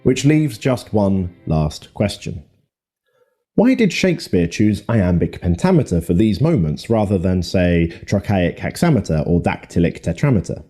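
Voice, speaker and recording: A man giving scripted narration for an educational video, with a measured, clear explanatory delivery. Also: on the low side, warm tone.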